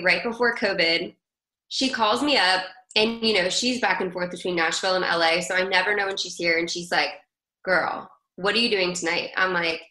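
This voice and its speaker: A woman's voice: lowish voice, pushed and bright. A woman guest telling stories in a chatty, casual way, with lots of "like" and "girl". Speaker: guest, country singer. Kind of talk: casual conversational storytelling. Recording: roomy echo.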